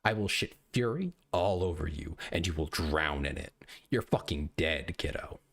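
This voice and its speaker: A man with a deep voice playing a boastful, furious sniper in a profane, menacing rant. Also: expressive, normal speed, vocal fry, a bit bright, exaggerated voice. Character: boastful furious male sniper, threatening tough guy. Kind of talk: meme reading on stream.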